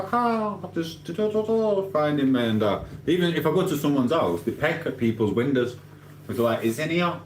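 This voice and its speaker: Blunt, ranting man, roomy echo. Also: on the low side. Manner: ranting, blunt and cheeky, swears casually. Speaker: livestream host. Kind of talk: casual livestream chat, reading comments. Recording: roomy echo with faint hum.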